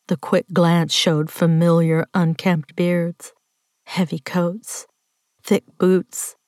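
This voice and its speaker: A woman narrating a first-person story in a hushed, tense voice, often dropping to a whisper. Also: on the low side, no room sound, studio quality. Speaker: audiobook narrator.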